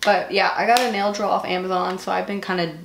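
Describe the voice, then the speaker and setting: A woman's voice: medium pitch, steady tone, fast talker, vocal fry, noisy background. A woman in her twenties with a Southern US accent, chatting casually and gushing while doing her makeup, with lots of fillers. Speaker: beauty vlogger. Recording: echoey room.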